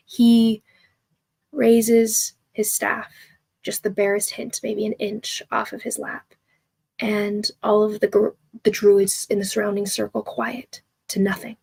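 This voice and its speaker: A woman game master narrating a tabletop game in a halting way, with many fillers and restarts. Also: medium pitch, vocal fry.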